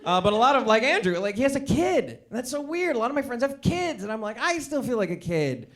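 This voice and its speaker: Male stand-up, 30s, high pitch, rambling self-deprecating delivery. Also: animated, quick pace, fairly bright tone. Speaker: stand-up comedian. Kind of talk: stand-up comedy set. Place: theatre stage.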